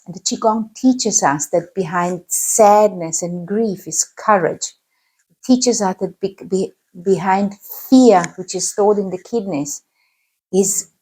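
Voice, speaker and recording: A woman teaching a qigong class, calmly guiding movements and breathing. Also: mid-range voice, breathy edge. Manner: calm, guiding instructions. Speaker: qigong instructor.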